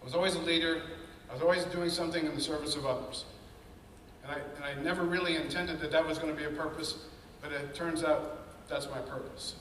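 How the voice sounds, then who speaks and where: A man in his fifties giving an animated, conversational talk to an event audience, telling personal stories. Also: on the high side, fairly quick, far from the mic. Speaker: panel speaker. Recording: echoey hall from afar, faint noise.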